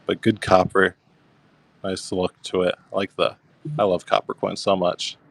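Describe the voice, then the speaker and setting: Young male auction host, deep and even-toned, easygoing live-stream patter. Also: a little slow, creaky, dry recording. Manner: easygoing, describes coins and thanks bidders. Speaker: coin auction seller.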